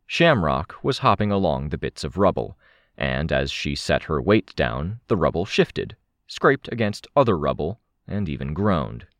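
A man narrates first-person fiction in a very low voice that swings widely in pitch. He takes his time, and the reading is close and dry. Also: sing-song, a little slow, no echo. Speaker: audiobook narrator.

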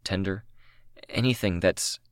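A man reading the lines of a shy, gentle young man, in a soft and breathy way. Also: low voice, a little slow, dry recording, studio quality, voice pushed up.

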